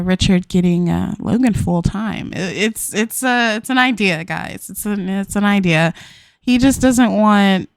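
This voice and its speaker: A chatty woman talks over her gameplay, speaking into a desk mic in a dry, close room. Her voice sits at a middle pitch for a woman. She jumps in and out of little voices for the characters she is playing. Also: darkish tone, clear, resonant tone, no room sound. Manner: chatty, voices the characters herself, giggly asides. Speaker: gameplay host. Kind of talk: casual let's-play commentary. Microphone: desk microphone.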